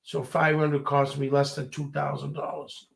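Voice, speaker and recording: Gravelly-voiced man telling stories. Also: on the high side, normal speed, slight background noise. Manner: animated, acts out quoted voices. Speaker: storyteller. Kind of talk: casual chat.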